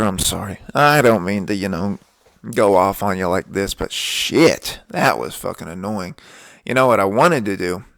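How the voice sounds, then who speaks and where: Gravelly low-voiced young man rambling. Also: dry recording. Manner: profane, ranting, laid-back drawl. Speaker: podcast host. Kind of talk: casual storytelling monologue.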